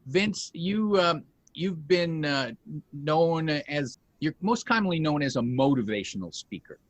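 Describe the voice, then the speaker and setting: A man hosting an interview, asking questions with halting restarts and chuckling along with his guest. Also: fairly high pitch, expressive, dry recording. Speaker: interview host. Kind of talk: conversational interview.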